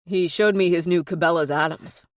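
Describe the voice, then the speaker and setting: A woman's voice: lowish voice, fairly even intonation, normal speed, dry recording, studio quality, lightly acted. A woman reading a gallant, genial marshal.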